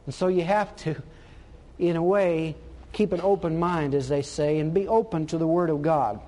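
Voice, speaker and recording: A man with a high voice preaches a sermon. He hammers his points home, circling back to the same phrases again and again. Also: moderate pace, dark tone. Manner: emphatic, repeats key phrases.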